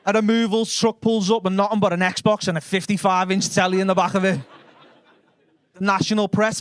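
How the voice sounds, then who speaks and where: A young man with a Liverpool Scouse accent doing a stand-up set in a comedy club, chatty and sweary, telling quick stories and working the crowd. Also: high-pitched, level tone, clear, resonant tone, no echo. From Liverpool, England.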